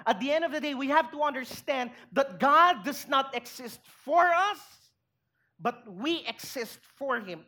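Pastor preaching, high voice, lots of "why?" questions to the crowd. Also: lively intonation, measured pace, bright, forceful tone. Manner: emphatic, rhetorical questions to the congregation. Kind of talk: sermon. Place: church.

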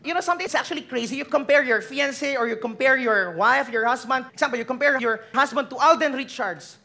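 A preacher with a Filipino accent delivering a lively sermon, teasing the congregation and switching languages. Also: high voice, fast talker.

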